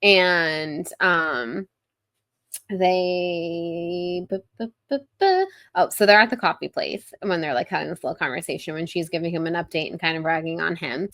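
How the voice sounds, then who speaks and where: A woman's voice: on the low side, fairly even intonation, moderate pace, fairly bright tone, no room sound. A woman co-hosting a podcast, casually retelling a book's chapters in a chatty way, with lots of "like". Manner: chatty retelling, heavy use of "like". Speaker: podcast co-host. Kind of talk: casual book-discussion chat.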